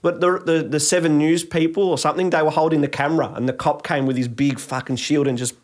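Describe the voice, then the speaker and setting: A man's voice: a little high, fairly even intonation, fast talker. A man in casual podcast chat, ranting heatedly with frequent swearing and restarts. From Australia.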